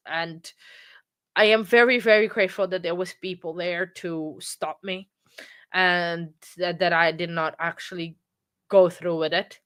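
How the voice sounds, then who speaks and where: A woman hosting a true crime livestream, talking casually with many pauses, fillers and restarts. She moved to England from abroad. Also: on the low side, fairly even intonation, a bit bright. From from outside England.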